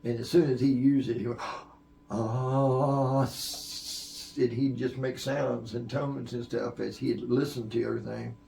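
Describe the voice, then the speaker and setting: A man's voice: medium pitch, fairly even intonation, a little slow, creaky, dark tone, far from the mic, slight background noise. An older man, a veteran sound engineer, telling long anecdotes in a podcast interview, rambling with fillers and restarts. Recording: echoey room.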